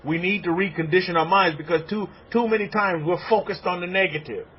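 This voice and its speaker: A man preaching a sermon as a rabbi, animated and repetitive. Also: high voice, fairly quick, husky, muffled recording. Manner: animated preaching, acts out congregants' voices.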